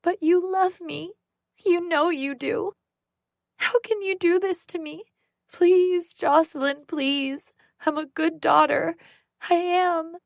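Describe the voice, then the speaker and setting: A woman reader voicing an unstable, obsessive young woman who pleads in a high, wailing voice. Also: measured pace, creaky, a little mellow, husky, no echo, clean studio sound. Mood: desperate pleading. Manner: high pleading wail breaking into begging.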